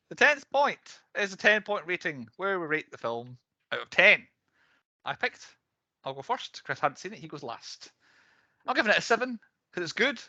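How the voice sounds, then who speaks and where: Bright-voiced man reviewing films. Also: fairly high pitch, no echo, highs cut off. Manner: chatty, laughs often, runs through categories. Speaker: podcast co-host. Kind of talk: casual film-review chat.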